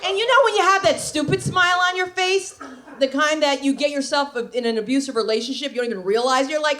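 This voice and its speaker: A woman's voice: high voice, fast talker, heavy background noise. A woman comedian performing a stand-up set on a comedy club stage, sassy and conversational with punchy delivery.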